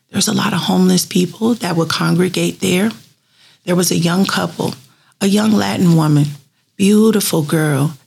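A woman's voice: on the low side, gravelly, husky. A woman in her fifties, a street cleaning supervisor, telling earnest, heartfelt stories from her work in an interview. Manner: earnest and heartfelt, with lively retold dialogue. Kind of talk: storytelling in a personal profile interview.

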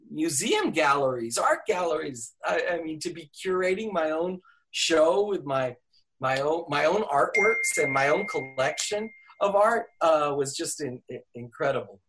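Older male professor guest, animated storyteller, plenty of ums and restarts. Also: high-pitched. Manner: animated, laughing, many fillers and restarts. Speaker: English professor and author. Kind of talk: storytelling in an interview.

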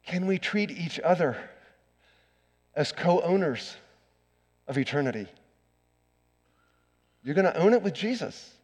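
Pastor, middle-aged man, slightly high voice, earnest sermon delivery with loud and hushed turns, long church reverb. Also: expressive, slow pace, long pauses, husky. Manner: earnest preaching, swings from loud emphasis to hushed. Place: church sanctuary.

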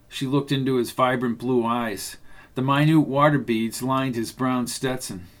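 A man reading a novel aloud as narrator, in a steady, measured way. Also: medium pitch. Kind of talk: audiobook narration.

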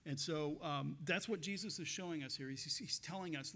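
A man's voice: a little high, normal speed, hardly any pauses, sharp tone. A man pastor giving a conversational sermon, telling stories with frequent laughs and restarts.

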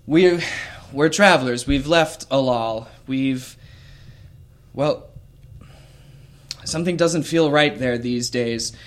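Dude doing a chatty lil gnome lady traveler, slow and easygoing. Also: mid-range voice, close to an everyday voice. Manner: chatty and explaining. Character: friendly talkative female gnome traveler.

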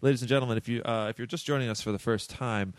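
A man from the Boston area hosting a podcast in casual, halting chat full of fillers. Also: medium pitch, dry recording. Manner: chatty, halting, lots of fillers. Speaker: podcast host.

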